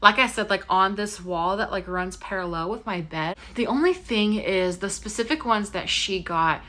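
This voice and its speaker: A woman's voice: medium pitch, normal speed, pushed and bright. A young woman chatting casually to camera at home about her plans, full of likes and ums. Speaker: lifestyle vlogger. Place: bedroom at home.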